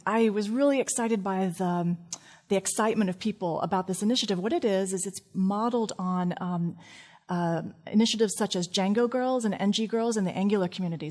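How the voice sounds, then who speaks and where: A woman's voice: medium pitch, a little mellow. Chatty, laughing woman giving a talk. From St. Louis, USA. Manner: chatty, laughs often, self-deprecating asides. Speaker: conference speaker. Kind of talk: conference talk. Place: conference room, live audience.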